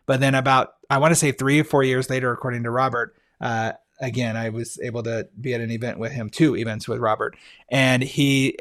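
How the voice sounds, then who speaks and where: A male podcast host talks in a relaxed, eager monologue, often pausing on fillers and restarting his sentences. His voice sits at an ordinary middle pitch. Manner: enthusiastic, conversational, frequent fillers and restarts. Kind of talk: casual monologue recommending books.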